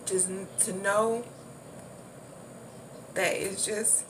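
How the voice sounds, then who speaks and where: A spiritual vlogger gives a casual talk in a loose, repetitive style, swearing now and then. She speaks slowly at medium pitch, and the distant mic picks up clear background noise.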